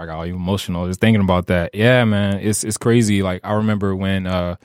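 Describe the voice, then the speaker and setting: A man from New Orleans who speaks as a guest on a podcast, animated and heartfelt, and laughs easily. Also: low voice, fairly quick, smooth, dry recording, studio quality. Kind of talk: casual conversation.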